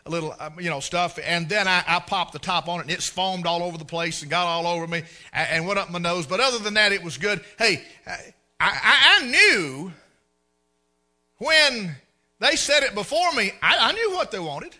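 Bright-voiced preacher man. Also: high-pitched, moderate pace. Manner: folksy, animated storyteller who acts out scenes. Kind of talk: storytelling sermon.

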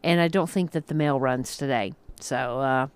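Folksy radio host, chatty, smooth resonant tone. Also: male voice, medium pitch, normal speed. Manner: folksy, chuckling, filler-heavy. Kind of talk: casual radio chat.

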